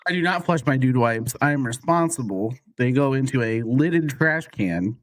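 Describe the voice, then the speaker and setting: A man's voice: medium pitch, animated, moderate pace. A man from Indiana co-hosting a comedy podcast, laughing a lot and defending himself jokingly. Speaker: podcast co-host. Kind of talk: casual comedy podcast chat.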